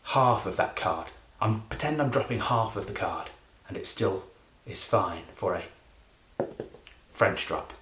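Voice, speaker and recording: A middle-aged man from England, a comedy magician, rambling through a deadpan, self-deprecating monologue. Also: lowish voice, measured pace, reverberant, background noise.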